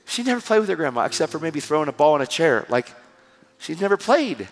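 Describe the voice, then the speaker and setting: Male preacher, high voice, animated sermon delivery, long hall reverb, soft music bed. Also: quick pace. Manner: animated, shifting between loud exhortation and hushed storytelling. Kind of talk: sermon with storytelling.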